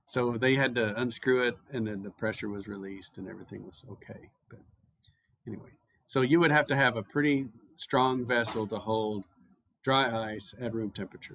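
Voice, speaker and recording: An American man with a medium-pitched, fry-tinged voice lectures on chemistry at a university, recorded with no echo. This chemistry professor explains things casually, telling stories in a relaxed, anecdotal way and using plenty of filler words.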